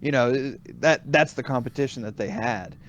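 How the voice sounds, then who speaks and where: A man's voice: mid-range voice, moderate pace, lo-fi sound. A man co-hosting a gaming podcast, talking casually and thoughtfully with fillers and restarts. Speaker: podcast co-host.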